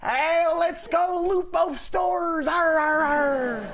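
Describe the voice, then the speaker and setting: A young man in a student comedy sketch putting on a boisterous pirate voice, growling "arr" and shouting pirate slang. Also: extremely high pitch, extremely slow, noisy background, voice pushed up, exaggerated voice. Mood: rowdy teaching. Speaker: co-host.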